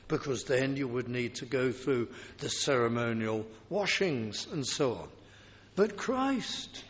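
A man preaching a sermon in a deliberate, emphatic way, now and then acting out the voices of people in the story. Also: a little high. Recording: dull recording in a large reverberant hall.

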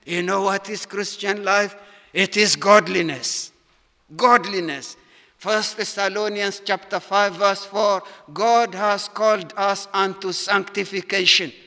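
Emphatic high-voiced preacher in a reverberant hall. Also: male voice, steady tone, unhurried, bright, forceful tone. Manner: emphatic, repeats words for stress. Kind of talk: sermon.

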